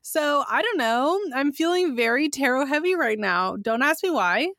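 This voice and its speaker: Bubbly woman co-host, bright-ish high voice, dry close sound. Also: lively intonation, moderate pace, dry recording. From Bay Area, California. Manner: bubbly, laughs often, swears casually. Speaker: podcast co-host. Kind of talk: casual podcast chat.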